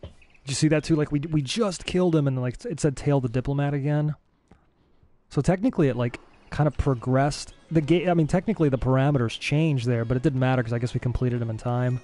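A young man giving casual let's-play commentary as a gaming streamer, excitable and easily frustrated. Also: medium pitch, fairly quick. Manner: excitable, frustrated, swears mildly.

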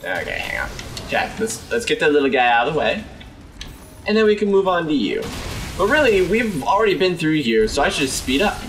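A young man with a slightly hoarse, sore voice, chatty let's-play commentary, exclaiming and talking back to enemies as he plays. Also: on the high side, huge pitch swings, fairly quick, fairly bright tone, distant mic, slight background noise. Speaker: gameplay commentator.

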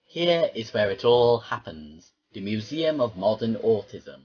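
A man's voice: fairly low pitch, very animated, unhurried, a little mellow, husky, lo-fi sound. A man recording voice lines at home, flubbing takes, swearing and laughing, his accent drifting between British and American. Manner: swears often and breaks into laughs. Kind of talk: blooper reel of a home voice recording session. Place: a house with his dog.

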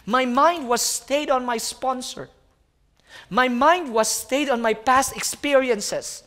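A young man, preaching as a guest speaker and telling a personal story in an animated way, often calling his listeners friends. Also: very high-pitched, slow. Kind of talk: sermon storytelling.

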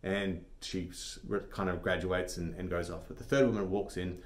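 A man's voice: low-pitched, little pitch movement, normal speed. A man vlogging, telling a joke and then giving a blunt, argumentative opinion monologue.

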